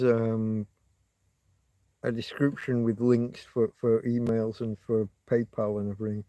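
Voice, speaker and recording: A man's voice: mid-range voice, darkish tone, no echo. Rambling, wry man on a livestream. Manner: rambling, wry, self-mocking, hesitant restarts. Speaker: livestream host. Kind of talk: rambling live chat with viewers. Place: outdoors in a field. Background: passing motorbike.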